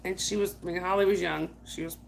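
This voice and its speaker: A woman with a lowish, gravelly voice talks fast in a steady tone while hosting a night chat livestream, with slight hiss or hum in the audio. She casually shares family stories, laughs often, and calls out to viewers by name.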